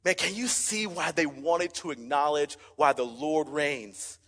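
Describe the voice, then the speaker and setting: A young male pastor delivers an energetic, emphatic sermon and keeps calling out to the congregation. His voice sits high for a man. The sound rings with the long reverb of a large church hall. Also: unhurried, breathy edge. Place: church sanctuary.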